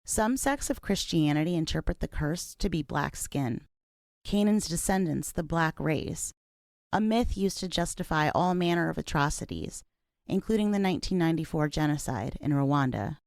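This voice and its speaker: A woman host reading scripted documentary narration in a measured, serious way. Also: low-pitched, lively intonation, a little mellow, no echo, studio quality.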